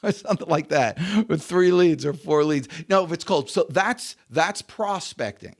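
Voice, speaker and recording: A man from the United States, a sales coach telling stories as a guest on an interview podcast, animated and chuckling between points. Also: on the high side, moderate pace, vocal fry. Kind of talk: casual interview storytelling.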